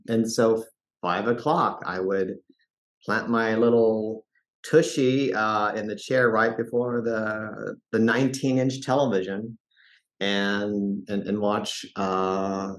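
A man from Colorado, an actor and director, telling stories in an interview with a groggy early-morning voice, halting with many restarts. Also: fairly low pitch. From Fort Collins, Colorado, USA. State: early morning voice, lower than usual. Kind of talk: casual interview storytelling.

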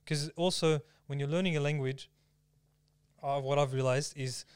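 A man's voice: a little high, steady tone, normal speed, clean tone, no room sound. A young Australian man in casual chat, thinking aloud, reflective, with many fillers.

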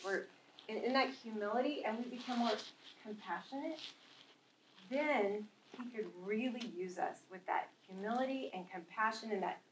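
A woman sharing a personal testimony in a church sermon, in a chatty storytelling manner full of fillers and restarts. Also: medium pitch. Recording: roomy hall with faint noise.

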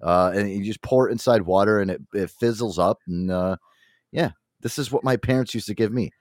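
A man's voice: fairly low pitch, fairly quick, no echo, clean studio sound. A male podcast host from an Italian-American family, chatting casually and swearing often. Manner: crude, animated, swears often. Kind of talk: casual chat.

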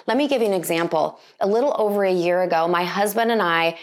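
A woman's voice: lowish voice, quick pace, few pauses. A woman in her forties giving an earnest, conversational sermon full of rhetorical questions. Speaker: speaker.

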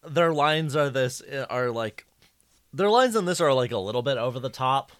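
Guy thinking out loud on a podcast, wry and rambly, middle pitch, dry sound. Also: animated, normal speed, no room sound. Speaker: podcast co-host. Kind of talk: casual chat recapping a TV episode.

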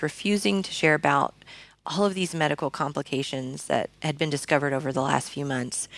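A woman's voice: low voice, creaky, no room sound. A woman guest telling her personal faith story in an earnest, conversational way, with many fillers and restarts. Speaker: podcast guest.

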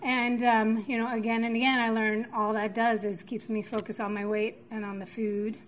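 A woman giving a halting personal share at a recovery meeting, pausing and restarting often, recorded in a meeting room. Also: on the high side, flat delivery, slight background noise, poor audio. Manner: halting, many fillers and restarts.

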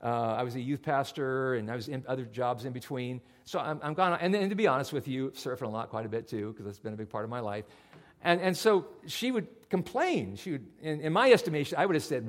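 A man preaching a sermon as pastor, in an animated, conversational storytelling way. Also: medium pitch, a little fast.

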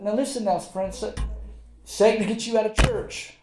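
A Southern US pastor preaching to his congregation in a high, tenor-leaning voice. He talks in a folksy way, repeating lines for weight and slipping in quick asides. The sound carries the roomy echo of a church hall. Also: fairly even intonation, darkish tone. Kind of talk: sermon. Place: church sanctuary.

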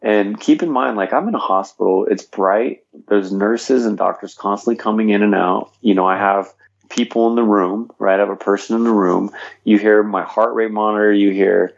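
A man with a lowish, gravelly voice tells his own story as a podcast guest. He talks earnestly and fills his sentences with "you know". The audio is a bit dull and lo-fi. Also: steady tone, normal speed. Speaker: guest, fitness trainer and motivational speaker. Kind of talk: personal story in a podcast interview.

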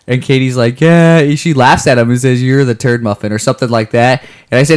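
A man's voice: mid-range voice, brisk, hardly any pauses. A man on a podcast talking about his kids and running in a rambling, playful way, often restarting sentences. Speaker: podcast co-host. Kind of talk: casual chat.

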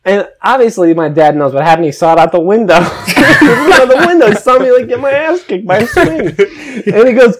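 Animated young man, swearing storyteller. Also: high-pitched, normal speed, very noisy. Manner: animated, swears, acts out his own reactions. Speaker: podcast co-host. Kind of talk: casual chat, storytelling.

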